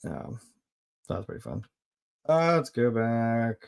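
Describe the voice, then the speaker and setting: A man giving a casual film review, laid-back and rambling, with lots of fillers, swearing and quick laughs. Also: mid-range voice, sing-song, creaky, smooth.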